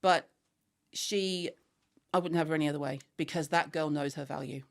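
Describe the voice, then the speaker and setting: A middle-aged woman guest with a mixed Scouse and West London accent, telling a family story in animated, blunt chat and swearing freely. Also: sits low, moderate pace, vocal fry. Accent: Scouse and West London mix. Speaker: guest, skincare founder.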